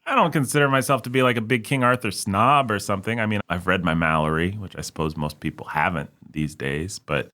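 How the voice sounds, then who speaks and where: A man's voice: fairly low pitch, a little fast, few pauses, bright, forceful tone. A man co-hosting a movie podcast, rambling and self-mocking in a casual chat. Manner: rambling, self-mocking, mimics others in jokey voices. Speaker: podcast co-host.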